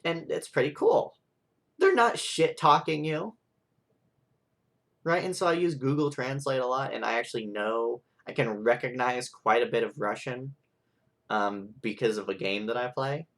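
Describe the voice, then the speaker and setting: Young man, vlog rant, mid-pitched voice, rambling frustrated delivery with constant fillers. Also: fairly even intonation, normal speed. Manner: rambling, frustrated, full of "like" and "right?". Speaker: vlogger. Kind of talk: ranting monologue.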